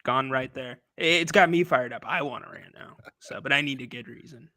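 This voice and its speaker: A man's voice: mid-range voice, brisk, sharp tone, no echo, studio quality. A man co-hosting a post-game show with easygoing, laughing banter. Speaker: co-host. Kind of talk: live-stream post-game show talk.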